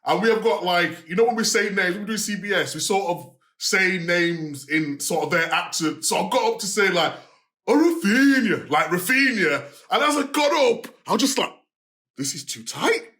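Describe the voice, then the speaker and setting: A man, co-hosting a football podcast and telling stories in a lively, laughing way. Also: high voice, brisk, few pauses, echoey room. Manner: lively, laughing, animated storyteller. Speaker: podcast co-host. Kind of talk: casual football podcast chat.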